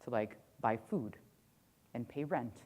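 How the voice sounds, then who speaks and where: Woman in her thirties, very low pitch, keynote speaker, casual and profane storyteller. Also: unhurried, a little mellow. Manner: casual, profane, full of "like" fillers. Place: conference stage.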